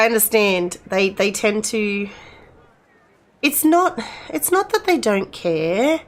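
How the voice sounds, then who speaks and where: A middle-aged woman plays a game and comments casually, chatty and rambling, talking to the characters as though they were her friends. Her voice is mid-range with a fairly bright tone.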